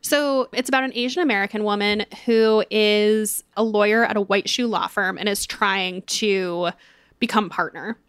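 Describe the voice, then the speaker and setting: A woman's voice: mid-range voice, fairly even intonation, moderate pace, a bit bright, clean tone, no room sound, clean studio sound. A young woman co-hosting a podcast, chatting in an upbeat way with lots of casual fillers. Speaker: podcast co-host. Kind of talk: casual chat with ad read.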